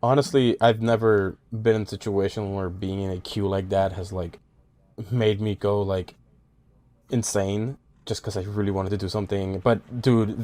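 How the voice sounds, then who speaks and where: Male podcast co-host, low voice, laid-back, easy reactions. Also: darkish tone. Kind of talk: casual chat.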